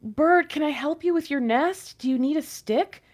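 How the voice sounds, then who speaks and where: A woman's voice: high voice, normal speed, darkish tone, pitched above the performer's own voice, close to an everyday voice. A woman voicing a kind, helpful little man, eager to offer help.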